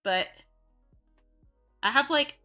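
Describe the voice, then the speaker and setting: Slow-talking bright young woman streamer. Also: high-pitched, lively intonation, faint music behind. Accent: Midwest-Southern American. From southern United States. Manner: rambling, self-correcting, chatty. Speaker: art streamer. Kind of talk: casual chat while drawing.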